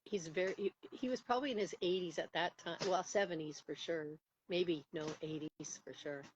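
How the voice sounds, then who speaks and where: A woman over forty in casual conversation, telling a personal story in an animated way, laughing often and acting out what people said. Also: on the low side, moderate pace, a little hiss or hum. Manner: animated, laughing, acts out quotes with rising voice. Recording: muffled lo-fi audio.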